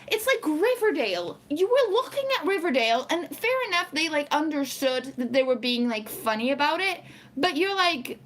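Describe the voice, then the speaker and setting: A woman's voice: high-pitched, sing-song, normal speed. A woman streaming casually, reading chat aloud and ranting about her picks. She rambles with lots of fillers and laughs often. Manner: exasperated ranting.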